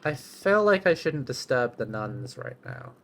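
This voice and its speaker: A man's voice: medium pitch, sing-song, unhurried, a bit bright. A young man streaming a game, chatting casually, reacting aloud and reading game text. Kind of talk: casual gaming commentary.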